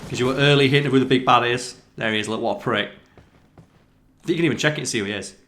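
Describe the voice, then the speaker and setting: A man hosting a let's play, chatting excitedly over gameplay, swearing freely and quizzing his co-player. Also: medium pitch, fast talker, slight background noise. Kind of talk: casual gameplay commentary.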